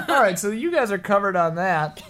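A woman's voice: medium pitch, very animated, a bit bright. A woman hosting a tabletop role-playing session, laughing often as she improvises with friends. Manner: laughs often, drawn-out delivery. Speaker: tabletop game player and host. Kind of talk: casual improvised role-play chat.

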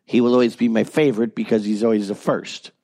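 Gravelly voice actor, chatty and jokey. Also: male voice, lowish voice, fairly even intonation, fast talker, dark tone, no room sound. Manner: rambling, jokey, many restarts. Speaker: voice actor guest. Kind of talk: casual interview chat.

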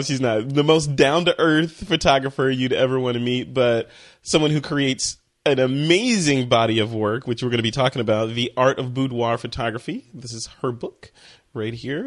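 A man's voice: mid-range voice, normal speed. A man hosting a photography podcast, interviewing guests in a playful, upbeat, joking way. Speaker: podcast host. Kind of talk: casual interview chat.

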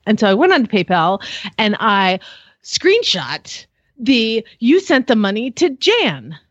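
A woman, co-hosting a podcast and telling a story in a casual, animated way, acting out the people she quotes. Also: no echo, dull audio. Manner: animated storyteller who acts out quotes in exaggerated high voices. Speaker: podcast co-host.

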